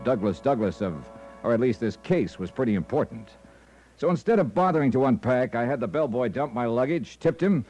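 A man's voice: medium pitch, darkish tone, close to an everyday voice, rough recording. A man playing a wisecracking insurance investigator. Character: wisecracking male freelance insurance investigator, adult. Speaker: radio drama lead and narrator. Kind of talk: 1950s radio drama acting. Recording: old radio broadcast with faint music.

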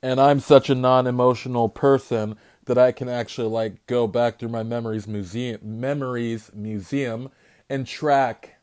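A man's voice: mid-range voice, steady tone, moderate pace, a little mellow. A man, a parent, hosting a solo podcast in a candid, rambling, heavily profane monologue. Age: adult parent. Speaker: podcast host.

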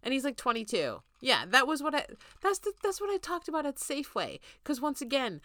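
A woman's voice: sits high, wildly swooping pitch, brisk, bright, forceful tone, no echo, clean studio sound. A woman co-hosting a podcast, chatting casually and telling a story with a lot of swearing and acted-out quotes. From United States. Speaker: podcast co-host. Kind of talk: casual chat.

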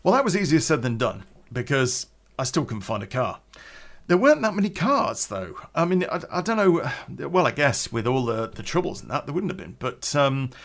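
Casual British male storyteller with a gravelly, mid-pitched voice; swears freely and rambles through fillers. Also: moderate pace. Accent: British English. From Britain. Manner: profane, animated, with many fillers and restarts. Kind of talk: personal anecdote told casually.

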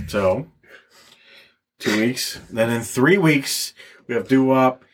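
A man's voice: medium pitch, takes it slowly, a little hiss or hum. A man hosting a casual podcast, laid back, steering the talk to upcoming episodes. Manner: relaxed, steering the show. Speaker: podcast host. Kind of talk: casual chat.

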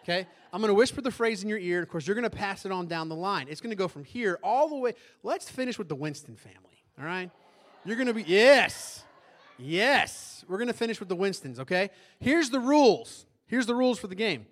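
A male pastor preaching a sermon in a church, animated and often asking the congregation questions. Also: sits high, a little fast. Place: church sanctuary.

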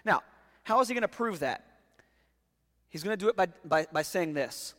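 A man's voice: fairly high pitch, expressive, normal speed, pauses often, fairly bright tone, in a large hall. A man preaching a sermon as pastor, emphatic, often repeating words as he reads scripture aloud.

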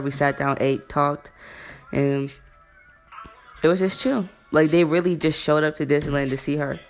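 A young woman hosting a casual podcast, rambling through a story with heavy slang and swearing while she acts out what people said. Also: sits low. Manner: rambling, profane and slangy, acting out quotes. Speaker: podcast host.

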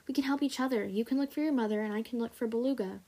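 A woman voicing a hopeful, cheerful young female hybrid dragon in a read-aloud storybook, raised and eager. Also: very fast. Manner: eager and bright, rises higher.

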